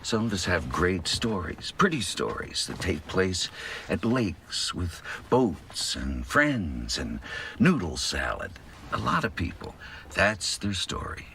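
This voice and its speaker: A man in a played film clip, musing slowly and wistfully. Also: deep voice, big pitch swings, gravelly, sharp tone, slight background noise, heavily acted.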